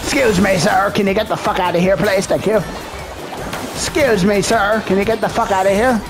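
A man giving casual gameplay commentary, excitable and full of profane trash talk. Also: high-pitched, moderate pace. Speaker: gamer streaming gameplay. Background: game music.

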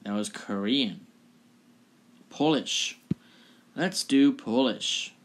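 A man's voice: medium pitch, extremely slow, a little hiss or hum. A man hosting a casual video, chatty and offhand as he introduces each clip. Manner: chatty and offhand, laughing at the results. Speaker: video host. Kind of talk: casual vlog presenting.

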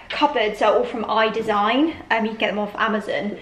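A woman's voice: mid-range voice, brisk, fairly bright tone, a little hiss or hum, poor audio. A young woman vlogging casually, chatty and gushing, with lots of fillers and a little out of breath. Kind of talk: casual vlog chat to camera.

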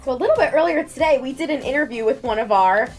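A woman's voice: high-pitched, animated, fast, soft background music. A young woman who co-hosts a radio morning show, explaining her work in a friendly, plain way inside a studio. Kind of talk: casual explaining chat.

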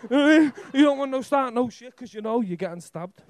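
A man's voice: very high-pitched, animated, fast, no echo. A young man with a Liverpool Scouse accent doing a rambling, nervous stand-up set on a comedy club stage, swearing heavily as he talks into a stage mic. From Liverpool, England.

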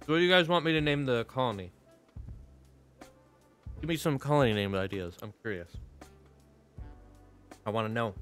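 A man's voice: medium pitch, moderate pace, long pauses, fairly bright tone, soft background music. A man chatting playfully with his viewers while streaming a game. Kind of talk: casual live-stream chat while gaming.

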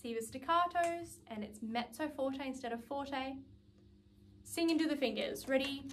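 A woman's voice: high voice, moderate pace, slight background noise. A woman music teacher giving a saxophone lesson, patiently explaining each step and counting out rhythms aloud.

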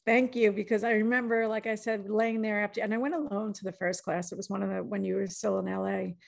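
A woman's voice: mid-range voice, fairly even intonation, quick pace, creaky. A woman hosting a podcast, talking in an enthusiastic, conversational way. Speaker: podcast host.

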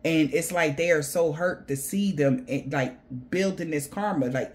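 A woman's voice: sits low, normal speed, few pauses, a little mellow. A woman giving a casual spiritual reading, rambling and blunt, swearing freely. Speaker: tarot reader.

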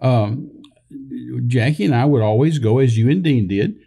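Older man with gravelly voice. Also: mid-range voice, moderate pace, dark tone. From Texas. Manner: rambling, many fillers and restarts, acts out quoted dialogue. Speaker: minister telling a story on a podcast. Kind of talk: casual storytelling conversation.

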